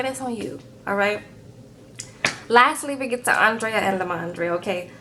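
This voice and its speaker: A woman recapping a reality show in a chatty, animated way, talking straight to her viewers. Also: a little high, slight background noise. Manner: animated, chatty, keeps calling viewers "girl". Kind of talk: casual chat recap.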